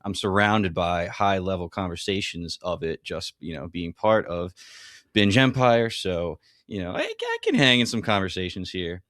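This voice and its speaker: A man's voice: very animated, moderate pace, fairly bright tone, dry recording, clean studio sound. A man co-hosting a podcast, chatting enthusiastically about a TV episode and acting out quotes. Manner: enthusiastic, acts out quotes with rising pitch. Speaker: podcast co-host. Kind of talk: casual TV recap chat.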